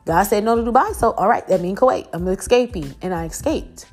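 A woman's voice: medium pitch, lively intonation, a little fast, soft background music. A woman hosting a podcast and preacher, sharing an earnest faith testimony with many fillers and restarts.

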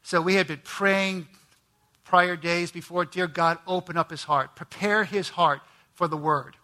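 A man delivering a heartfelt sermon testimony in a high, bright voice. He tells his story earnestly, pushing up into an even higher register at the most emotional moments. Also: a little slow. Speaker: ministry president.

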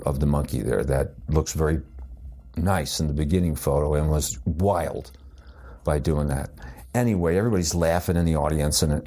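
A man's voice: very deep voice, breathy edge. An older man who is a psychologist, telling a rambling personal anecdote with amused energy and many restarts. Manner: rambling, with frequent restarts and filler; amused, lively retelling.

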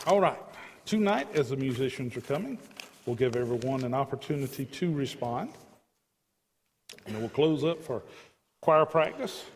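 A man's voice: mid-range voice, sing-song, normal speed, pauses often, a little hiss or hum. A man preaching an evening sermon as pastor, earnest and emphatic, with pleading asides, in a church sanctuary. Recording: long church hall reverb.

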